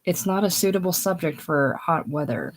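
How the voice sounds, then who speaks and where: A high-strung, romantic woman schoolteacher, read by a woman in a casual play reading, breathless and theatrical. The voice sits low and deep for a woman. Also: expressive, normal speed, poor audio. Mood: indignant.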